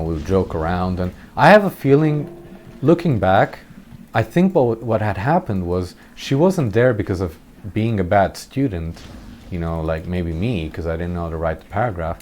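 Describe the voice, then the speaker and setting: Man, deep low voice, casual gameplay commentary, rambling self-deprecating storytelling, light chuckles, faint hum in the background. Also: a little mellow.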